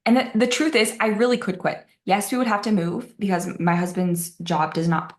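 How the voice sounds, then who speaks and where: A woman's voice: medium pitch, moderate pace, hardly any pauses. A young woman hosting her own podcast, talking candidly and confessionally with frequent "like" fillers. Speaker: podcast host. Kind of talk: casual solo podcast talk. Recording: roomy echo.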